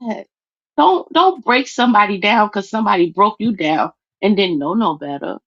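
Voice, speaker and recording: A woman's voice: medium pitch, expressive, moderate pace, a bit bright, no echo. A woman speaking emphatically and with plenty of profanity on a livestream chat, tearful as she talks over a video call. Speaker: guest. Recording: dull, dry call audio.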